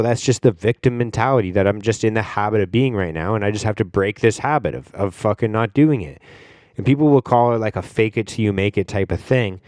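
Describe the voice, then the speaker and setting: A man's voice: on the low side, a little mellow, clear, resonant tone, no room sound, studio quality. A young man hosting a solo podcast, talking informally in a rambling way, with many fillers and frequent swearing. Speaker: podcast host. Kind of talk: casual solo podcast talk.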